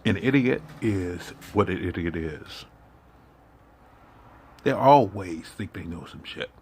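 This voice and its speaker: A low, gravelly male voice with a husky edge, delivering a preachy, confrontational rant full of profanity. His pitch swings widely as he lectures and scolds the listener. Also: animated, slow, a little mellow, a little hiss or hum. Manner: preachy, confrontational, heavy swearing. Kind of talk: impassioned profane monologue.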